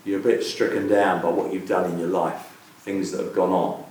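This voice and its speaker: A man's voice: low-pitched, level tone, normal speed, a little mellow. A man preaching a sermon in an earnest way, putting searching questions to his listeners. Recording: very echoey room, voice from far off the mic.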